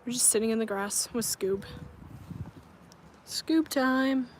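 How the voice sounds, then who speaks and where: A woman's voice: mid-range voice, flat delivery, quick pace, a little mellow, slight background noise. Chatty young woman vlogging outdoors. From North Carolina, US coast. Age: 20s. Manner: chatty, laughs often, answers viewer comments. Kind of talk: casual livestream chat. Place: outdoors, parking lot and grassy area.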